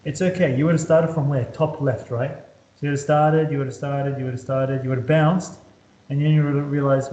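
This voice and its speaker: A man's voice: on the high side, fairly even intonation, fairly quick, warm tone. A man tutoring maths in a casual whiteboard lesson, chatty and repetitive, talking students through each step. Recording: roomy echo, slightly dull lo-fi sound.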